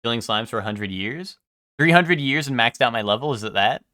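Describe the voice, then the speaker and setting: A young man streaming live and chatting casually with his viewers, rambling, swearing freely and filling pauses with "um". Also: medium pitch, expressive, pushed and bright, no echo, studio quality. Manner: rambling, swears a lot, full of ums.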